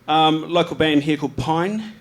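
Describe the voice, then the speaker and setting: A man's voice: on the high side, normal speed. Laid-back New Zealand man presenting photos. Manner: rambling and laid-back, many ums and restarts, slangy. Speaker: photographer giving a talk about his slides. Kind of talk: casual live presentation. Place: live event venue with an audience.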